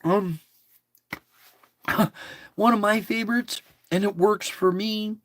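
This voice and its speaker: A man's voice: high-pitched, fairly even intonation, slow, long pauses, fairly bright tone, no room sound, clean studio sound. A man giving casual devotional teaching, reading passages aloud and then talking them through in a conversational way that keeps checking in with his listeners.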